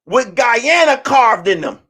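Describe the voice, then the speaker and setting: Male streamer host: high, very lively voice, profane storyteller, from whispers to shouts. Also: takes it slowly, slightly rough. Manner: animated, profane, swings from hushed whispers to shouting. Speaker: show host. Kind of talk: casual storytelling on a livestream.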